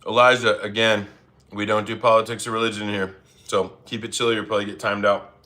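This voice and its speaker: Male cooking-stream host, low voice with a bright edge, laid-back and chatty, reads chat and apologizes a lot. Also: flat delivery, brisk. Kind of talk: casual cooking livestream chat. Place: home kitchen.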